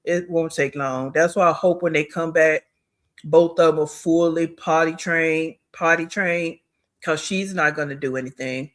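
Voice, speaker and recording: A man's voice: fairly high pitch, fairly even intonation, unhurried, a bit bright. A man hosting a reaction video, giving blunt, scornful commentary on a clip he is watching.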